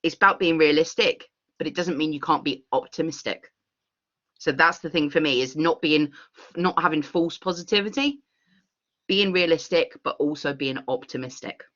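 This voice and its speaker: A woman's voice: deep voice, normal speed, fairly bright tone. Enthusiastic woman, muffled call. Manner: enthusiastic, rambling, laughs often. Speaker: workshop facilitator. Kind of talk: online workshop Q&A.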